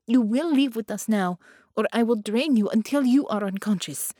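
A woman's voice: a little high, moderate pace, warm tone, no echo, close to an everyday voice. A woman voices a stern, pale female ally who gives blunt orders. Her delivery is firm and carries a cold threat. It is recorded close and dry for an audiobook.

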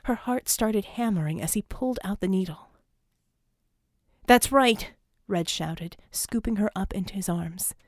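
A woman's voice: medium pitch, normal speed, hardly any pauses, no room sound, studio quality. Woman reading a tense thriller audiobook. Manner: tense, dramatic reading that shouts and sobs in character. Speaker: audiobook narrator. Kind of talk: scripted narration.

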